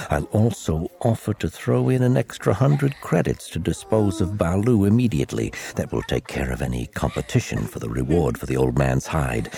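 A man's voice: extremely low pitch, warm tone, exaggerated voice. A man voicing the gloating inner thoughts of a predatory wolfman hunter. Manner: gloating, gravelly.

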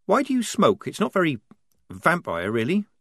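A man performs a sharp-tongued young woman soldier in an audiobook, his voice lifted well above his own. She speaks quick and urgent, with lively swings of pitch, in a dry close recording. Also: dry recording, heavily acted. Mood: exasperated.

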